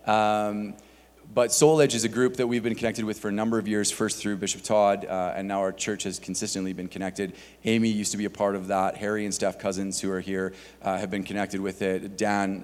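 A man's voice: on the low side, a little mellow. A man on a church staff giving casual announcements to the congregation, with many filler words. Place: church sanctuary. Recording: long hall reverb.

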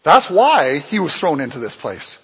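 A man pastor preaching a sermon, telling a Bible story with lively acted-out dialogue. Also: moderate pace, breathy edge. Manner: animated storytelling, acts out dialogue with swings in pitch and loudness. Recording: long hall reverb.

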